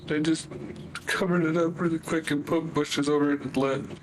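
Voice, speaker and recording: A man confessing in a police interview, talking in a halting, rambling way full of fillers. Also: a little high, fairly even intonation, a little hiss or hum, rough recording. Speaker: suspect confessing.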